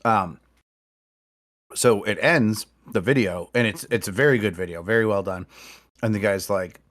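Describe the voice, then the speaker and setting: Podcast host guy, kinda low voice, swears a ton while telling a story. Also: moderate pace, long pauses, fairly bright tone. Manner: storytelling with heavy profanity. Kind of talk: casual chat.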